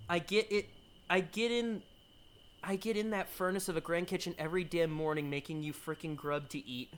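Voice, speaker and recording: A man reading a visual novel aloud, voicing a gruff male cook who sounds irritable and sarcastic. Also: a little high, steady tone, normal speed, a little hiss or hum, natural voice. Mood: annoyed.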